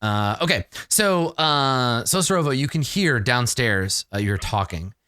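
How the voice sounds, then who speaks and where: A man narrating as game master of a tabletop game, animated and quick to laugh. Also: mid-range voice, clean tone, no room sound, studio quality. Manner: animated, laughing often, halting with restarts.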